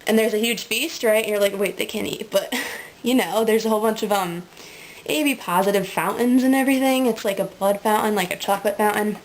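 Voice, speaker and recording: A woman's voice: medium pitch, a little fast, a little hiss or hum, rough recording. A woman in a casual, rambling webcam monologue, full of ums and likes, often breaking into giggles. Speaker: vlogger.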